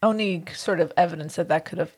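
A woman co-hosting a podcast, telling stories in a giggly, animated way. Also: fairly low pitch, quick pace, breathy edge. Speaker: podcast co-host. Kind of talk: casual chat.

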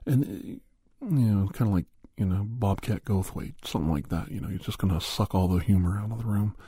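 A man's voice: on the low side, fairly quick, mellow, breathy edge, dry recording, studio quality. A man giving a rambling, preachy moral monologue, often sliding into a whisper. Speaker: monologue speaker.

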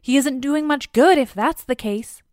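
A woman's voice: high voice, a little slow, a little mellow, no room sound, pitched above the performer's own voice. A woman voicing a pompous, frumpy middle-aged male god in a storytelling retelling, with a dry close sound. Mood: indignant.

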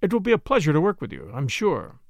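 A man voicing a gruff, self-assured police inspector who talks bluntly and dismissively in an audiobook. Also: fairly high pitch, huge pitch swings, fast talker, no room sound, clean studio sound, full character voice.

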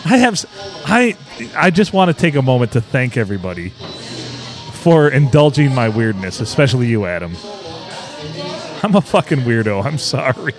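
A man's voice: medium pitch, moderate pace, faint music behind. A man co-hosting a podcast, chatting casually and joking with plenty of swearing. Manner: profane, jokey, animated. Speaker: podcast co-host. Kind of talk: casual banter.

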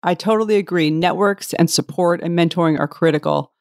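Woman host, polished and measured, dry close sound. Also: lowish voice, no echo. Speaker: podcast host. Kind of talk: scripted interview questions.

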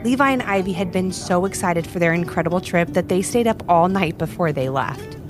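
A woman's voice: on the low side, brisk, over music. A young woman narrating a children's story in a bubbly, exclamatory, sing-song manner. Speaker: storyteller host.

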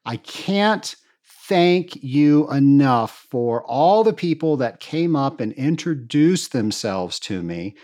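A man's voice: mid-range voice, sing-song, takes it slowly, a little mellow. A man hosting his own podcast, talking enthusiastically and gratefully to his listeners in a solo monologue. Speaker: podcast host.

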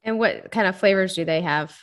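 A woman hosting a podcast, chatting in a bubbly, talkative way with a guest. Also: medium pitch. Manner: bubbly, chatty, quick laughs. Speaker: podcast host. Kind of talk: casual interview chat.

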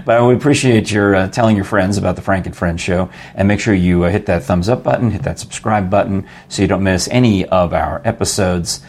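Gravelly, low-voiced older New man. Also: brisk, hardly any pauses, a little mellow. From New York. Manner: chatty, jokey, rambling asides with laughs. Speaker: podcast host. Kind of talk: casual interview chat.

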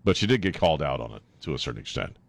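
Sarcastic man, lively pitch. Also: rapid-fire, creaky. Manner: sarcastic, mocking, animated. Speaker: radio talk show host. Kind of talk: opinionated radio talk.

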